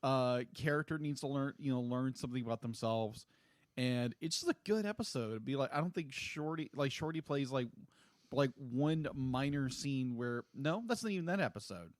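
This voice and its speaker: A man's voice: medium pitch, animated, dry recording, studio quality. A man co-hosting a podcast, chatting casually about a cartoon episode, rambling and restarting his sentences. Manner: rambling, halting with many restarts and fillers. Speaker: podcast co-host. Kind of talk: casual chat.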